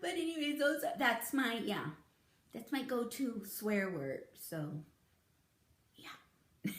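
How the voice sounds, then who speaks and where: Woman in her fifties, beauty vlogger, chatty and giggly, lively up-and-down delivery in an echoey room. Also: on the high side, takes it slowly, long pauses. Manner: chatty, giggly, animated storytelling. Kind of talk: casual storytelling to camera.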